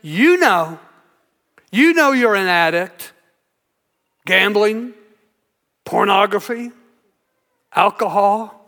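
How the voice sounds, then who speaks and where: A sly, accusing Satan presses his charges again and again in a low, insinuating voice, as a preacher puts him on. The sermon's long hall reverb trails each line. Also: expressive, slow pace, pauses often, sharp tone, full character voice.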